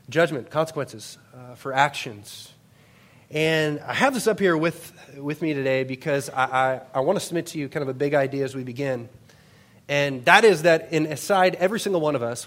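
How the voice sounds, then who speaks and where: Conversational pastor with a lively sermon voice. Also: male voice, a little high. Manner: conversational, anecdotal, often asks "right?".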